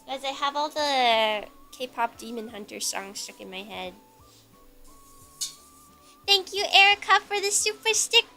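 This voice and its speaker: A woman's voice: high voice, expressive, unhurried, long pauses, bright, forceful tone, faint music behind. A woman baking on a live stream, talking to her viewers in a playful, bubbly way. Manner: playful and bubbly, chats with viewers while cooking. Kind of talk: casual live-stream chat while baking.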